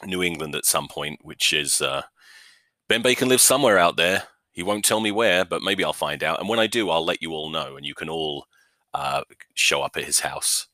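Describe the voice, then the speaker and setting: A low-pitched man hosts a rugby podcast in a rambling comic rant. His voice is bright and forceful, recorded dry and close on a podcast mic. He swears freely, mocks himself and keeps restarting his sentences. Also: normal speed, no echo. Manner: profane, joking, self-mocking, many restarts. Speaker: podcast host. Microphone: new podcast microphone.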